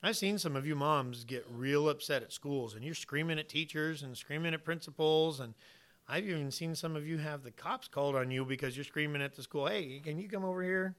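A man preaching with a bright, forceful voice pitched a little above the usual. He drops to near-whispers for asides, then hammers his points out loud and slow, and acts out imagined exchanges with the congregation. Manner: emphatic, swings from quiet asides to loud punchy points; uses vivid hypotheticals and plays out imagined dialogue. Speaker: pastor. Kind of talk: sermon.

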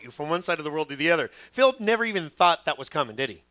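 A middle-aged man preaching a sermon as pastor, telling stories with lively quoted voices. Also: fairly high pitch, fast talker, long pauses, dry recording. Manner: animated storytelling, acting out quoted voices.

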